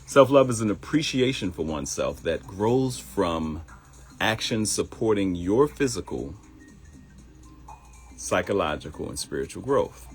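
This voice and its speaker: A man's voice: a bass voice, very animated, moderate pace, creaky, soft background music. A man hosting a live morning talk stream, speaking in a motivational way, repeating phrases and laughing at his own jokes. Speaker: host of a live morning show.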